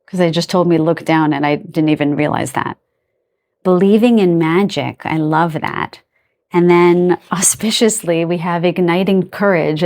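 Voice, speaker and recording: A woman giving a casual card reading to her viewers, gentle and affectionate, laughing softly as she rambles and restarts her sentences. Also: on the low side. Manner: loose and rambling, trailing off and restarting. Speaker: tarot and oracle card reader.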